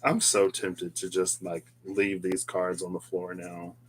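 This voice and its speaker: A man's voice: low-pitched, level tone, unhurried, breathy edge, poor audio. A man chatting casually through a tarot reading, rambling, laughing often and talking to himself as he goes. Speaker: tarot card reader.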